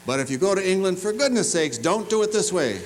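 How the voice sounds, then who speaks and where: Man, higher-pitched, commencement speaker at a podium mic, animated and jokey with the crowd. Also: fast, a little hiss or hum, rough recording. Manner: animated, humorous storytelling with audience asides. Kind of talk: commencement address. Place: large university fieldhouse.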